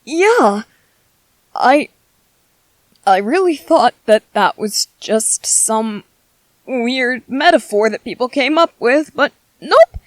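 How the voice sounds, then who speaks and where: A woman's voice: on the high side, expressive, slow, long pauses, no room sound. A woman voicing a shy, bookish young male soldier in an ASMR audio drama, nervous and stammering.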